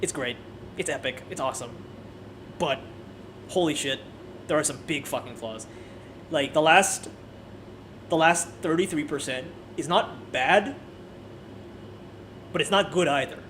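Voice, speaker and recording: A man giving a casual, animated and profane ranting review, often restarting his sentences. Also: fairly high pitch, unhurried, pauses often, slight background noise. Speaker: anime video creator.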